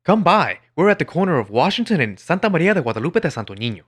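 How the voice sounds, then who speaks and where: A man's voice: a little high, sing-song, quick pace, slightly rough, voice pushed up. A man putting on a gushing commercial announcer. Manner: exaggerated salesy singsong. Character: overeager male TV commercial announcer, fake cheerful.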